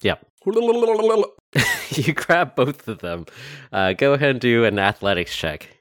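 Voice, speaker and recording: A man's voice: medium pitch, very animated, slow pace, no room sound, studio quality. A man narrating a tabletop game as dungeon master, casual and self-correcting with chuckles.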